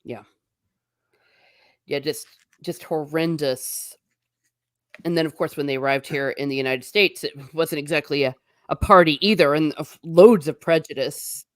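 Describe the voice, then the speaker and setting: A woman hosts a relaxed history conversation over a video call, chiming in with short comments and prompting her guest to go on. Her voice sits fairly low for a woman. The sound is close and dry. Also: unhurried, pauses often, no echo. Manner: affirming, encouraging listener. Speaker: host. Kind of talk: casual conversational history chat.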